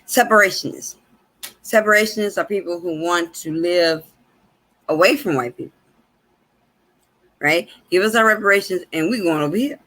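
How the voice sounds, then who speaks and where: A woman's voice: moderate pace, pauses often. A woman from hosting a casual live talk show from home, telling stories animatedly and laughing often. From Chicago, USA. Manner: animated storyteller with big pitch swings, laughs often. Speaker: host and minister.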